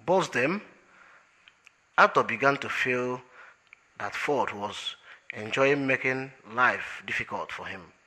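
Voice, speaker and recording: A man reading an audiobook aloud as narrator in a measured, unhurried way. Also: mid-range voice, sharp tone, poor audio.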